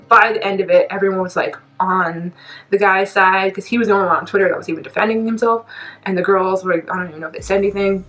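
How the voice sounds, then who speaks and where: A woman's voice: mid-range voice, poor audio. Twenty-something woman venting on her k-pop channel, fired up, rambly, medium voice. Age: 20s. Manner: indignant, animated, rambling with frequent laughs. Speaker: K-pop reaction vlogger. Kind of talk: casual rant to camera.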